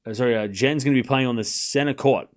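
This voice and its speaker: A man hosting a live tennis watchalong, calling the score and chatting casually with his viewers. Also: mid-range voice. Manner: chatty, talks straight to his live chat, with quick asides and restarts.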